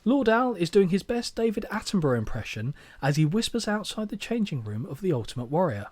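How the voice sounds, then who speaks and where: A man's voice: high voice, sing-song, fairly quick, hardly any pauses, darkish tone, no echo. A man hosting a podcast, recapping with wry, sarcastic jokes. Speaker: podcast host. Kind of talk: comedic recap podcast chat.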